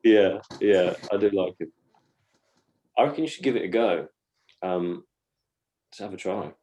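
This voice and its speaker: Casual man, low-voiced storyteller. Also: a little slow, mellow. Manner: rambling, laughs while telling stories, slips into silly voices. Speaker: podcast co-host. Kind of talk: casual chat.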